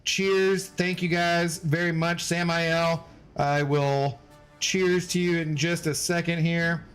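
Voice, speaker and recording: A man's voice: fairly high pitch, flat delivery, takes it slowly, a bit bright, clear, resonant tone, faint music behind. A man chatting casually on a gaming livestream, laughing often, swearing loosely and thanking viewers by name. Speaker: streamer.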